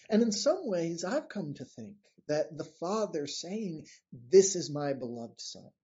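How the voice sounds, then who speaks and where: A man's voice: a little high, dark tone, husky. A man giving an earnest, conversational reflection on scripture, like a short sermon. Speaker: preacher. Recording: dull lo-fi recording.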